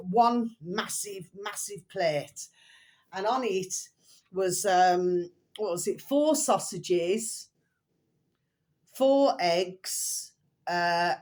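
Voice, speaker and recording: An older woman vlogging in a rambling, chatty way, stopping often to fondly address her viewers. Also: fairly low pitch. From England. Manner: chatty, meandering, fond pet phrases for viewers. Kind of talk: rambling casual monologue to viewers.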